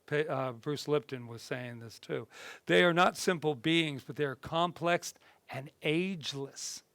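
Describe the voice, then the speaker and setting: A man, a reverend, teaching a spiritual class in a relaxed, conversational way, often rambling and acting out little voices from his stories. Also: fairly high pitch, measured pace, gravelly, no room sound. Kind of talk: casual spoken talk.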